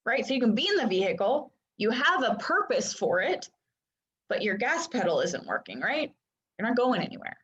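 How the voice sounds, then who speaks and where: A woman's voice: a little high, very animated, normal speed, fairly bright tone, slight background noise. A woman coach teaching in a casual, chatty way and often checking in with listeners. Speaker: Human Design coach. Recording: dull lo-fi sound.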